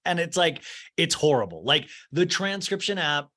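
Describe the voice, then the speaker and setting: A man's voice: on the high side, big pitch swings, normal speed, pushed and bright. Chatty, gossipy male podcast host. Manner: chatty and gossipy, laughing and swearing freely; sarcastic, mimicking cast members in exaggerated voices. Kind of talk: casual solo podcast recap.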